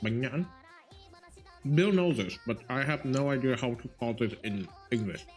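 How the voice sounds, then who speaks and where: Over faint background music, a young streamer with a Vietnamese accent, for whom English is a second language, rambles through a casual story with plenty of fillers and restarts. He has a mid-range voice, lively intonation, and a moderate pace.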